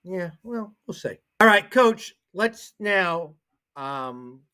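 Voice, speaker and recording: Animated high-voiced sports show host. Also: male voice, takes it slowly, clear, resonant tone. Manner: animated storyteller who acts out the people he quotes. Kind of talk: casual sports talk.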